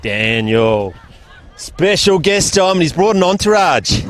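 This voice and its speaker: An Australian man calls a country football match live from an outdoor ground. His voice sits a touch high, and his commentary is chatty and folksy, full of local slang. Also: sing-song, a little slow.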